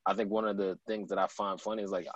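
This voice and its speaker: A man's voice: on the low side, level tone, fast talker, no room sound, highs cut off. A man, a guest actor, chatting casually and telling stories with lots of fillers. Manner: laid-back storyteller, lots of fillers. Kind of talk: casual chat.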